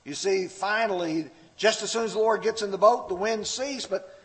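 A man preaching a sermon, telling a story expressively and leaping up in pitch when he quotes scripture. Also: normal speed, fairly bright tone. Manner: storytelling with a personal anecdote. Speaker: pastor.

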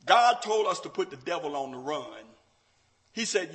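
A man preaching a Bible class sermon, dramatic, acting out quotes and swinging from shouts down to low, quiet lines. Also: big pitch swings, moderate pace, rough recording.

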